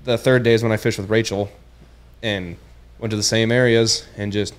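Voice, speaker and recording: A man's voice: on the low side, steady tone, moderate pace. A young man, a guest on a podcast, telling a story in casual chat. He talks in a laid-back way, says "dude" often and acts out the lines he quotes. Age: young adult. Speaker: podcast guest, tournament angler.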